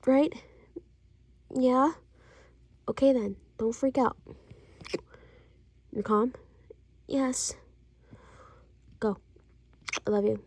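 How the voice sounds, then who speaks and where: A woman voicing a calm, affectionate young husband who soothes his wife in a doll-play story. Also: on the high side, very slow, long pauses, dry recording, voice pushed down, heavily acted. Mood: soothing. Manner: soothing, reassuring.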